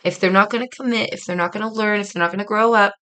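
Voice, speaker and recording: A woman's voice: mid-range voice, fairly even intonation, quick pace, bright, forceful tone, smooth, low-quality recording. A woman reading tarot cards for her viewers in a casual, earnest, reflective way, speaking straight to them. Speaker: tarot reader.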